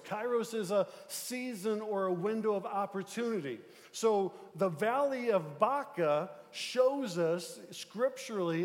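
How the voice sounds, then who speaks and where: A male pastor delivering a conversational sermon, often adding fillers and checking in with the congregation. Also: sits high. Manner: conversational preaching with frequent fillers and check-ins. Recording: long hall reverb.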